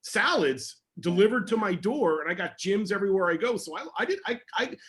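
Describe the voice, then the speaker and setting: A man, a security educator, answering questions in a casual online session with energetic, emphatic talk. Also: sits high, a little fast.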